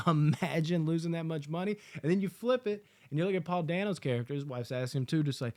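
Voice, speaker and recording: A man's voice: on the high side, a little fast, few pauses. Guy hyped up reviewing a movie, cursing a lot, acts out the quotes. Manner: excited, profane, acts out quotes. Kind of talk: casual film review.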